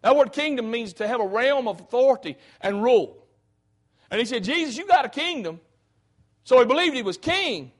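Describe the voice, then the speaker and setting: Guy preaching hard, pretty high voice, folksy n fervent. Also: animated, moderate pace. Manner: fervent, folksy, peppered with "hey". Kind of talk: sermon.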